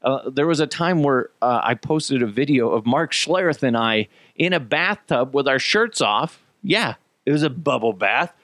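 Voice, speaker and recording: A man hosting a podcast in casual opinion talk, animated and profane, drifting between tangents. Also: mid-range voice, moderate pace, no room sound, studio quality. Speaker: podcast host.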